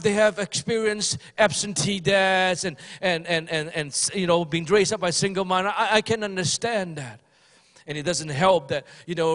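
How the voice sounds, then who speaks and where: A man with a high voice preaches a Sunday morning sermon with fervent energy. He repeats phrases for emphasis, often restarts his sentences, and calls out to the congregation to answer him. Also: a bit bright, long reverb tail. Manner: fervent, repetitive, mimics pleading prayers. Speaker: pastor.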